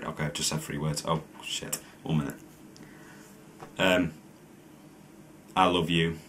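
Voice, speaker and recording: A young man with an extremely low voice that's a bit bright does a casual challenge vlog, with a little hiss or hum in the audio. He reads questions aloud and answers them bluntly, swearing plenty.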